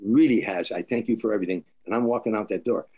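An older comedian telling stories in an interview, animated, acting out quotes, with frequent stammers and restarts. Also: male voice, fairly low pitch, fast talker, slightly rough. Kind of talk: storytelling interview.

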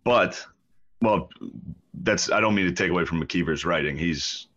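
Deep-voiced laid-back comedian guest. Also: male voice, moderate pace, a bit bright, dull audio. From Pennsylvania. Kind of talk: casual chat.

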